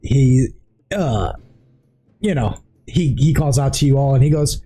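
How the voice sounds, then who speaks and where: A man's voice: mid-range voice, expressive, unhurried, long pauses, mellow, breathy edge, soft background music. A man narrating a tabletop game as game master, in a loose, rambling way with many fillers.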